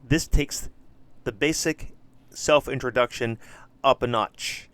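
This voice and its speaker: A man who teaches English, walking through a lesson plan and reading model questions and answers slowly and clearly. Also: medium pitch, a bit bright. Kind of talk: slow lesson-plan walkthrough.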